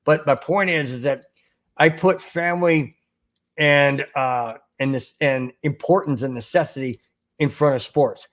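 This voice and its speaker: Middle-aged guy hosting a sports stream, kinda high voice, rambly, keeps repeating himself. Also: a little slow, fairly bright tone. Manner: rambling, repeats words, reads chat aloud. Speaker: sports podcast host. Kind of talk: casual live-stream talk.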